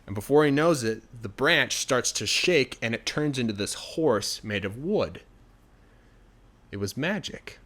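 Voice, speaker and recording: A man's voice: medium pitch, a little slow. Man telling a story casually. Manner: relaxed and conversational, with fillers like "you know".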